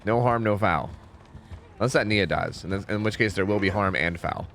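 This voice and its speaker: A man's voice: fairly low pitch, moderate pace. A man streaming a video game, giving casual commentary with exasperated, joking, rambling asides to his chat.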